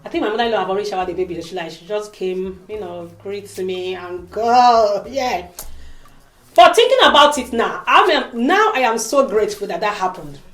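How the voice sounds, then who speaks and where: Animated woman, echoey room. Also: mid-range voice, normal speed. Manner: animated, emphatic, acts out quoted voices. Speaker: vlogger. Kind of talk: emotional casual vlog monologue.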